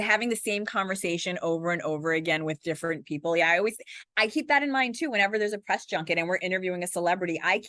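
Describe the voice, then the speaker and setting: Quick animated tv journalist lady in her 40s, lowish voice, dry close sound, acts out bits of scenes. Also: no room sound. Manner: fast-talking, animated, acts out little scenes. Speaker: TV journalist and guest. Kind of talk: conversational interview.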